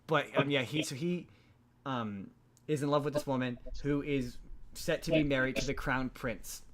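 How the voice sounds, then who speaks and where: A man's voice: mid-range voice, moderate pace, a little hiss or hum. A man hosting a podcast, recapping a movie plot in a loose, rambling way with many restarts. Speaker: podcast host.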